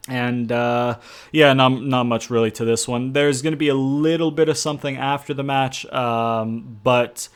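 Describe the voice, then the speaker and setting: A man's voice: medium pitch, fairly even intonation, normal speed, clear, resonant tone. Rambling young man narrating game storylines. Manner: rambling, filler-heavy, profane. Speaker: video game channel host.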